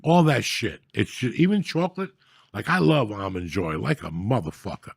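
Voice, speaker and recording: A man telling comic stories on a podcast in a gravelly, profane, ranting way, with loud bursts when he acts out scenes. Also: lowish voice, lively intonation, moderate pace, no room sound, clean studio sound. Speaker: podcast host. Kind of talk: casual comedic storytelling.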